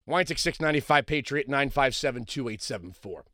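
Man, talk radio host, sarcastic monologue, animated pitch, dry close mic. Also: a little fast, no room sound. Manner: sarcastic, mocking, swings between loud and low.

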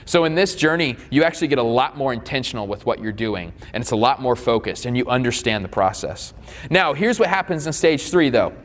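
A male pastor delivering a sermon in a relaxed, conversational way. He corrects himself mid-sentence and throws in quick asides to the room. His voice sits at an ordinary middle pitch and trails off in the long reverb of a church hall.

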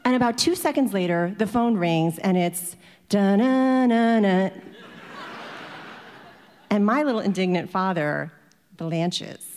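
A woman's voice: lowish voice, expressive, normal speed, slight background noise. Chatty woman telling a story in a hall. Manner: chatty, full of "like", acts out the people in the story. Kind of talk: personal story told to an audience.

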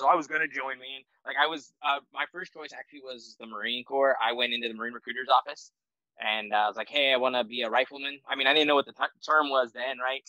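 Man, forties, from the US, bright tense voice, rambling casual storytelling, dry close sound. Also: mid-range voice, no room sound, rough recording. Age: 40s. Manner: rambling, self-deprecating, lots of fillers and restarts. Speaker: guest, military veteran.

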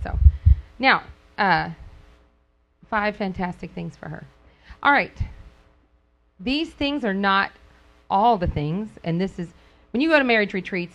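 A middle-aged woman speaking casually to a group, telling stories with frequent laughter and acting out quotes in sudden high squeals. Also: fairly bright tone. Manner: laughs often while talking. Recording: dull lo-fi recording.

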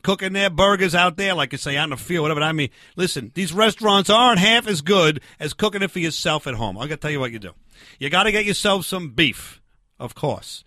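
Brash know-it-all grill guy, played by a man, high and bright, pushy, steamrolls everyone. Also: no room sound, clean studio sound. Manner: pushy, interrupting, blustery. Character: brash loudmouth backyard barbecue guy. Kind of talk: improvised comedy sketch.

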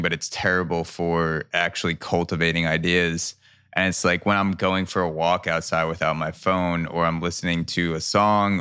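A man with a low, fairly flat voice that still sounds bright and crisp. He hosts a casual podcast chat, relaxed and jokey, and his questions ramble on. The sound is dry and close, from a studio podcast mic. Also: no echo. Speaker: podcast host.

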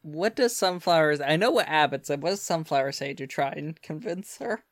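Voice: mid-range voice, expressive, moderate pace. A game master narrating a tabletop game in a hesitant way, with many fillers.

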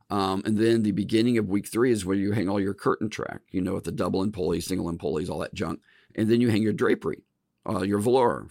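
A middle-aged man with a low, gravelly voice tells stories on his podcast, speaking plainly and addressing his listeners as "folks." The sound is dry and close, with no room around it. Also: a little mellow, dry recording. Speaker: podcast host. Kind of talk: casual storytelling monologue.

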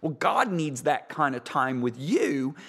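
A man's voice: fairly high pitch, big pitch swings, unhurried, creaky, fairly bright tone, breathy edge. Earnest man preaching about prayer. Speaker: Christian talk show co-host. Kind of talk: preaching-style conversation.

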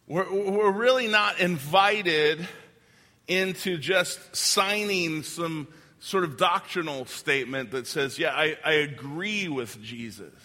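Man preaching, fairly high and bright voice, chatty and joking, long reverb of a big hall. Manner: conversational and joking, with many "like" fillers. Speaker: pastor. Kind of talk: sermon.

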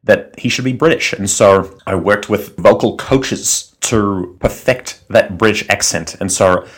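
A man's voice: lowish voice, measured pace, breathy edge. A man playing a celebrity actor as the guest of a comedy sketch interview, boastful and self-assured about his own skill.

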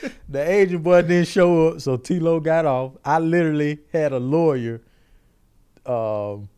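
A man with a fairly high voice tells a funny story in a loose, casual way. He is animated and acts out the people in the story as he goes. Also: measured pace, clean tone. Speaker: storyteller on a podcast.

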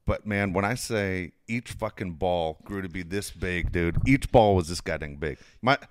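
A man's voice: deep voice, moderate pace, smooth, no echo, clean studio sound. A middle-aged man telling a long personal story in casual chat, swearing freely and laughing often.

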